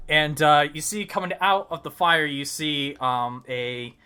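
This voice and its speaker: Guy running a tabletop game, bright voice, lots of uhs and restarts. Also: fairly high pitch, normal speed, few pauses, clean tone. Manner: rambling, with many fillers and restarts. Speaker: game master.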